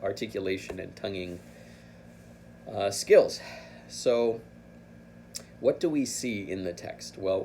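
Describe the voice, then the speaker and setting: Male flute teacher, low and gravelly, patient, self-correcting, faint hiss behind. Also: a little mellow. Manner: patient, thinking aloud with restarts. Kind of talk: instructional explanation.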